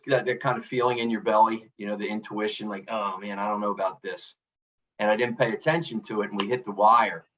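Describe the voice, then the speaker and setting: A middle-aged man speaks in a fairly low voice as a podcast guest, earnest and reflective, with frequent restarts. He sits away from the mic. The remote recording sounds dull. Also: a bit bright, far from the mic. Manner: earnest, reflective, many restarts and "you know". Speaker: podcast guest, author and coach. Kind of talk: candid storytelling interview.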